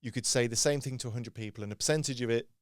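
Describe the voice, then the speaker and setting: A man hosting a sales podcast, agreeing often and asking open questions in a relaxed chat. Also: medium pitch, rapid-fire, no echo, clean studio sound. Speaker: podcast host. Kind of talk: casual conversational interview.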